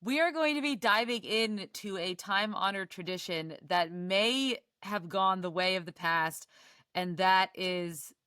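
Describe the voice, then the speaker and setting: A woman's voice: medium pitch, unhurried, bright, forceful tone, clean tone, no room sound, clean studio sound. A woman co-hosting a podcast who chats casually and plays along with her co-host's jokes in an upbeat way. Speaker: podcast co-host. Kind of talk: casual chat.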